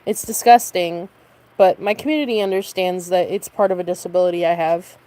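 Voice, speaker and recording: A woman chatting casually on a late-night stream from her bedroom, often coughing and clearing her throat. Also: fairly quick, dark tone. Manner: high baby-talk voice to her cat.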